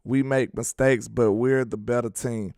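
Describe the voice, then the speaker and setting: Smooth-voiced man hosting sports talk. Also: mid-range voice, fairly even intonation, a little slow, a little mellow, no room sound, clean studio sound. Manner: slangy and emphatic, worked up about his team. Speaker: sports talk show host. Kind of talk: casual livestream chat reading viewer comments.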